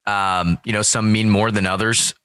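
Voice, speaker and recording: A man in casual chat, telling a rowdy story full of swearing and quoting other people in loud voices. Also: lowish voice, level tone, normal speed, no echo. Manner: profane, storytelling, acts out quoted voices loudly. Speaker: guest.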